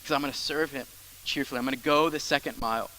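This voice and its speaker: A young adult man preaching a sermon as pastor, emphatic, repeating phrases and dropping into soft asides. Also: mid-range voice, steady tone, quick pace, slight background noise, poor audio.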